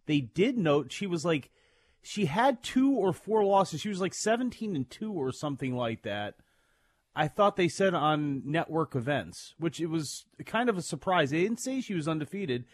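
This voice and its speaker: A man's voice: fairly high pitch, very animated, normal speed, no echo. A man co-hosting a casual wrestling talk show, rambling with many "you know"s and restarts. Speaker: podcast co-host.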